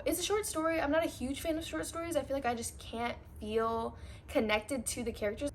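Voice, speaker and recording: A young woman book reviewer gushes casually about her reading in a recap full of filler words. Her voice is fairly high-pitched, with a little hiss or hum in the audio.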